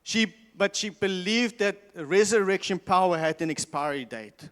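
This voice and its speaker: A man's voice: high voice, normal speed, a bit bright, clean tone. A man preaching a sermon from the stage of a large church, emphatic, repeating his key lines and often stumbling and restarting. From South Africa. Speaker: pastor. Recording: long church hall reverb.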